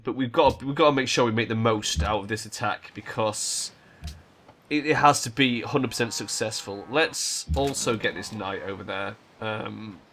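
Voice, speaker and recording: A man's voice: on the low side, pushed and bright, slight background noise. A man hosting a strategy game let's play, casually thinking aloud and swearing now and then. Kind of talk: gameplay commentary.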